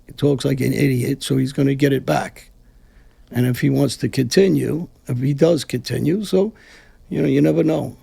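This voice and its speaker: A Brooklyn man, a former mafia figure, is the guest in a casual interview, talking bluntly and combatively and swearing a lot. His mid-range voice is mellow and slightly rough, with vocal fry.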